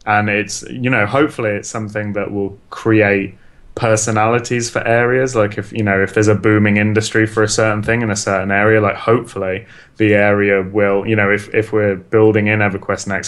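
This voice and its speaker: A man's voice: fairly low pitch, level tone, brisk, a bit bright. A man chatting casually, thinking aloud and chuckling often. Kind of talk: casual chat.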